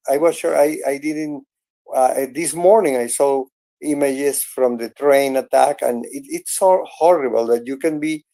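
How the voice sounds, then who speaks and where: A Venezuelan man whose first language is Spanish hosts a casual chat in an online audio room. His gravelly, warm, mid-range voice sounds earnest and halting, full of restarts and "I mean."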